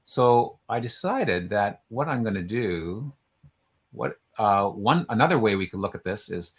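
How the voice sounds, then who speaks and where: A male co-host with a somewhat low voice chats loosely through his notes. He rambles as he goes and stumbles on unfamiliar names, keeping the tone of an easygoing conversation. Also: very animated, unhurried, husky. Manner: chatty, stumbles over names while reading. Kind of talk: casual chat.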